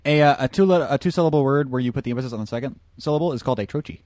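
A man's voice: medium pitch, rapid-fire, a little mellow, no echo, clean studio sound. A man co-hosting a casual movie commentary, reading out chat comments and adding pedantic asides. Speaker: podcast co-host reading chat.

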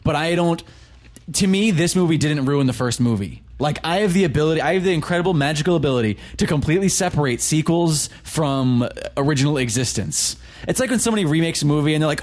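A man's voice: a little high, expressive, fast. A man co-hosting a casual movie commentary, joking and spinning rambling theories. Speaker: podcast co-host.

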